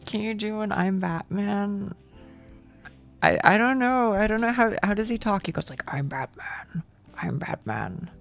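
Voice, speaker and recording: A woman's voice: mid-range voice, fairly even intonation, moderate pace, creaky, faint music behind. A young woman streaming, chatting casually with viewers, rambling and swearing with frequent laughs.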